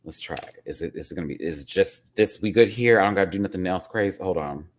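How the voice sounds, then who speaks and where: A man giving a casual, sassy rant review of a TV show, full of drag slang and expressive asides. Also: low voice, fast talker.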